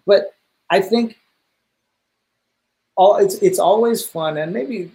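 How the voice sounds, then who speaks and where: A man's voice: sits high, takes it slowly, low-quality recording. A young adult man, a stunt performer, chatting casually in an interview and acting out the people he quotes. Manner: animated storyteller, acts out quotes.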